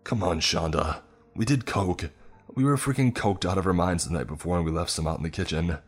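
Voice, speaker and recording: A harsh, desperate father, voiced by a man with a very deep voice. He speaks bluntly and loudly, as in a narrated horror story. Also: fairly quick, breathy edge. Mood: confessing.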